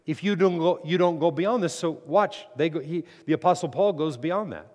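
Emphatic preacher in a reverberant hall. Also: male voice, moderate pace. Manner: emphatic, rising to loud peaks then dropping low. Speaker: pastor. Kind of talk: sermon.

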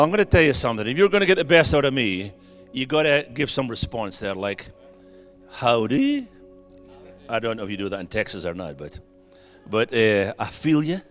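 A middle-aged man preaching as a guest preacher, energetic and calling on the audience to respond, building to emphatic bursts. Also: medium pitch. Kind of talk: sermon. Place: church sanctuary. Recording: long church reverb.

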